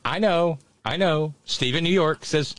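A man hosting a show, giving mocking commentary on audio clips with sudden high exclamations. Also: unhurried, fairly bright tone, no room sound. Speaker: show host. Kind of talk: sarcastic commentary over played audio.

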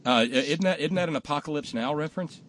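A man hosting a talk show, telling jokes casually and acting out the punchlines loudly. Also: on the high side, quick pace. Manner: animated storyteller, acts out punchlines loudly.

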